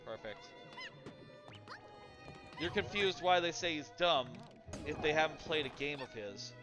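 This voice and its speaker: A man's voice: on the high side, expressive, unhurried, music in the background. A man streaming a game, rambling casually with lots of fillers while he plays and answers chat. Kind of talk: casual live-stream commentary while gaming.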